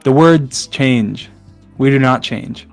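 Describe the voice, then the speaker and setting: A man's voice: medium pitch, takes it slowly, gravelly, soft background music. A man reading a long poem aloud in a hurry, tripping over words and breaking off with asides. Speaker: online content creator.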